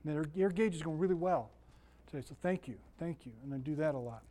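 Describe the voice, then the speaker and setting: A man's voice: on the high side, fast talker, warm tone. Chatty man teaching a Bible class. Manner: folksy, chatty, asks the room questions. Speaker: Sunday school teacher.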